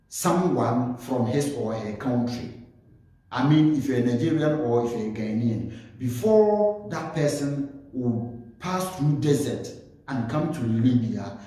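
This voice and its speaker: A man giving earnest commentary as a vlogger, speaking slowly and repeating himself to stress his points. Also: mid-range voice, warm tone. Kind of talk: earnest spoken commentary to camera. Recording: very echoey room.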